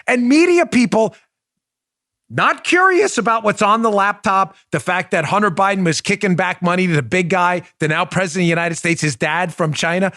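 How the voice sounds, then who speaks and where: A combative male host with a high, bright-edged voice, hammering each point with mocking emphasis. He sits close to the mic in a dry, dead room with no echo at all. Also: normal speed. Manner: does a high silly impression voice in bursts. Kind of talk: political commentary show.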